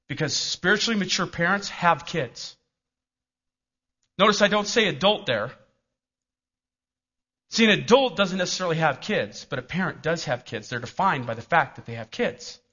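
Bright-voiced male pastor preaching. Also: on the high side, expressive, moderate pace, long pauses, husky. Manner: storytelling, asks the congregation questions. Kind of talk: sermon. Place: church. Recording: dull lo-fi recording.

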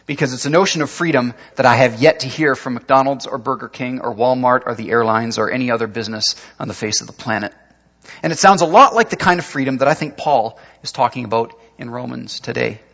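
A man preaching a sermon as pastor, telling a story that moves between lively and hushed delivery, recorded with dull lo-fi sound in a church sanctuary. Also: mid-range voice, a little fast, creaky, slightly rough. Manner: storytelling, shifting from animated to hushed. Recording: dull lo-fi sound with long hall reverb.

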